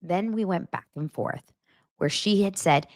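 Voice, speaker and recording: A woman's voice: fairly low pitch, measured pace, dry recording, studio quality. A woman hosting a casual gossip show, talking bluntly and swearing freely. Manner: animated, blunt, swears freely, acts out quotes in voices. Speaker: podcast host recapping reality TV.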